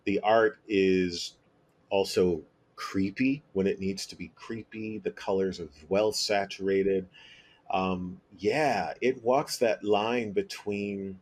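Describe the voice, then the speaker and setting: A man co-hosting a podcast, speaking casually and haltingly as he searches for words. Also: sits low. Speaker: podcast co-host.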